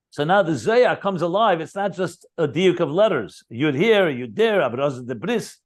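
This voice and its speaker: High-pitched man teaching a text. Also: animated, unhurried. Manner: explains, repeats key terms, enthusiastic asides. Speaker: Chassidus teacher. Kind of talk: Talmudic-style text study lesson.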